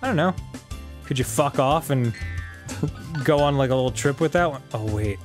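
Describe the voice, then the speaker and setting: A man's voice: mid-range voice, animated, moderate pace, over music. A laid-back man co-hosting a gaming show, teasing his partner and chuckling often. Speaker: co-host. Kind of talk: casual gaming banter.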